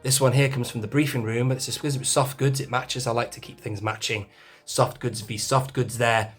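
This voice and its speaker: A man's voice: mid-range voice, fairly even intonation, brisk, breathy edge, soft background music. A man, casually touring his toy collection shelves in a chatty, self-deprecating way. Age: 40s. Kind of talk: casual shelf tour.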